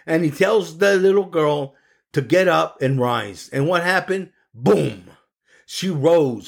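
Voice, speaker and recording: A man's voice: fairly high pitch, creaky. A middle-aged man preaching a sermon, earnest and emphatic, firing off rhetorical questions.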